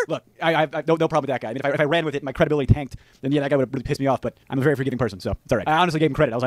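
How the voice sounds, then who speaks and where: A man talking to camera in a video, rambling and stammering, animated as he tells his story. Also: fairly high pitch, racing, no room sound. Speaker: YouTuber in a played clip.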